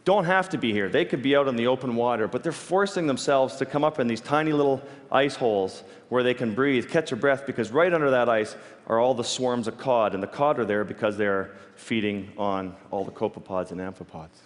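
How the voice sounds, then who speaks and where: Animated man telling a story in a big hall. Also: medium pitch. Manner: animated, halting restarts, quick to laugh. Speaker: speaker telling stories. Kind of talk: storytelling talk on stage. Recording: long reverb of a large hall.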